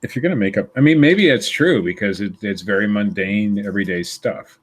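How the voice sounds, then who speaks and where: A man's voice: fairly low pitch, fairly quick, slightly rough. A man co-hosting a casual podcast, laid-back and laughing often as he makes wry remarks. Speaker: podcast co-host.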